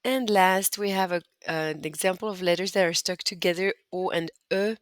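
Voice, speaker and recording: A woman's voice: fairly low pitch, moderate pace, no echo. Dry-sounding woman teaching French accents. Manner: clear, patient step-by-step instruction. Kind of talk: screen-recorded lesson walkthrough.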